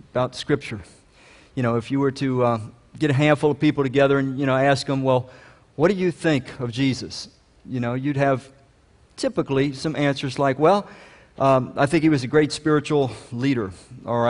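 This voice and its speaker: A pastor preaching a sermon in a conversational way, growing loud and emphatic when he reads scripture. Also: on the high side, long reverb tail. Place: church sanctuary.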